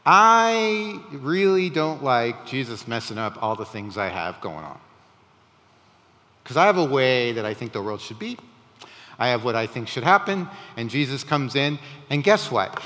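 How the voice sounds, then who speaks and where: A man preaching a sermon in a conversational, animated way, with rising emphatic questions. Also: medium pitch, unhurried, big-room sound. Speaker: pastor.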